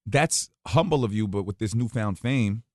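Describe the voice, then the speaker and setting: A male radio host who opens with a hype-style intro and then asks quick, casual questions. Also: on the low side, expressive, a little mellow, dry recording, clean studio sound. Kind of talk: radio interview. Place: radio studio.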